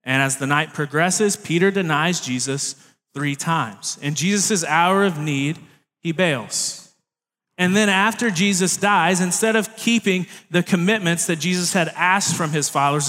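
A man's voice: a little high, measured pace, fairly bright tone. A young man preaching a sermon in a casual, conversational way, with jokey asides to the congregation. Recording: long hall reverb.

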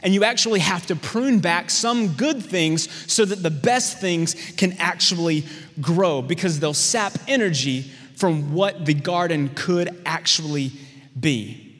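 A man preaching a sermon, who tells stories with lively acted-out voices. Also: high voice, unhurried, long reverb tail. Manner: storytelling, animated voices in anecdotes. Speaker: pastor.

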